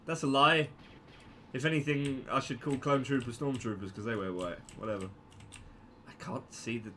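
A man giving casual gameplay commentary, excitable, yelping and joking as he plays. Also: mid-range voice, moderate pace, a little hiss or hum.

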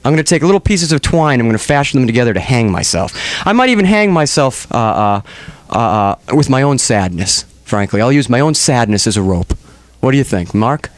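A man's voice: medium pitch, animated, brisk, no echo. A man hosting a comedic radio show on a studio microphone, ranting in mock-melodramatic exasperation.

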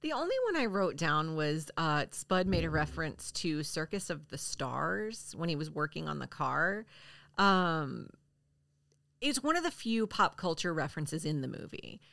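A woman's voice: low-pitched, sing-song, unhurried, creaky, fairly bright tone, no room sound. A woman co-hosting a podcast in casual chat, thoughtful, reading out facts and laughing easily. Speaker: podcast co-host.

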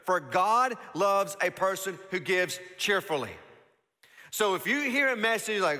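A man preaching to his congregation with a high, bright, forceful voice that carries a long reverb through a church auditorium. He talks conversationally and keeps asking rhetorical questions, swinging between emphatic passages and hushed, intimate ones. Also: sing-song, normal speed. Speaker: pastor. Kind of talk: sermon.

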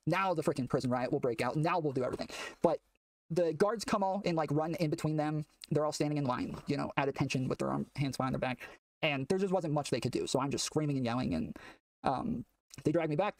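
A man telling a long story in casual chat, rambling with many fillers and getting excitable, recorded from a distance off the mic. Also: fairly high pitch, dry recording. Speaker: guest telling a prison story.

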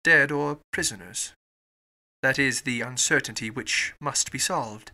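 A man reading an audiobook voices a calm, resolute English gentleman traveller, quiet, cold and measured. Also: mid-range voice. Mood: quiet resolve. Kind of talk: audiobook character voice.

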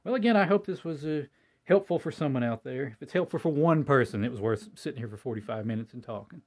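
A man's voice: medium pitch, lively intonation, quick pace, a little mellow. A man hosting his own hobby channel, talking casually and ramblingly with lots of fillers, in a folksy, self-deprecating way. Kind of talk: casual talk to camera.

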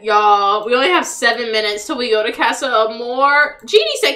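A woman's voice: high voice, animated, normal speed, sharp tone, slight background noise. A young woman giving casual, profane live commentary on a life-sim game and talking back at the characters. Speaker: livestreamer.

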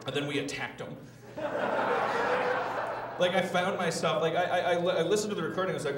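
A man's voice: a little high, brisk, recorded from a distance. A man hosting a live comedy podcast on stage, rambling and stammering, repeating words and laughing as he talks. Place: live theater stage before an audience. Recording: echoey room, miked from afar, loud crowd. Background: loud audience.

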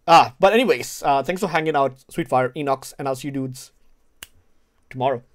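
A male streamer reacting to a game trailer at his PC, hyped and swearing, repeating words, his voice going hoarse. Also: moderate pace. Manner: hyped, swearing, repeats words, pitch jumps when excited. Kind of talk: excited casual reaction chat. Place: home room at his PC.

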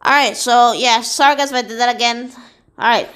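A woman voicing SpongeBob, an excitable and goofy cartoon sea sponge, playing a video game and chattering to viewers. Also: on the high side, a little fast, clear, resonant tone, close to an everyday voice. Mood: excited.

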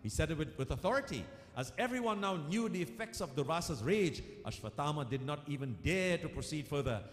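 A man leads a devotional talk in a high, lively voice that rises and falls a great deal. He tells a scripture story to his devotees and repeats his main points. The recording sounds roomy, with a long reverb trailing each phrase. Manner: storytelling, repeats key lines for emphasis; addresses listeners as devotees. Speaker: spiritual speaker. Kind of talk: devotional discourse. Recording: echoey room with long reverb.

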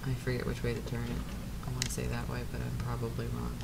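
A woman's voice: very deep voice, completely flat delivery, fast, gravelly, background noise. A woman playing a video game and chatting casually, muttering to herself and making self-deprecating remarks. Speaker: gamer playing on a let's play. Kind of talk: casual let's play chat.

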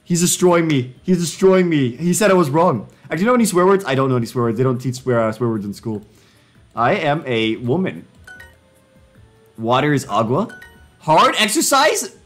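Animated young man streaming with jokey banter. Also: normal speed, faint music behind. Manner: jokey, excitable, laughing self-commentary with sudden pitch jumps. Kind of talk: casual live-stream chat while doing language drills.

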